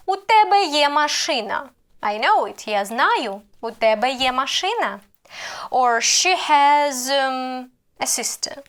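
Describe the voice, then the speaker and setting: A woman with a Ukrainian accent, a native Ukrainian speaker, teaching an online language lesson with slow, careful explanations and drawn-out example phrases. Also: sits high, fairly bright tone.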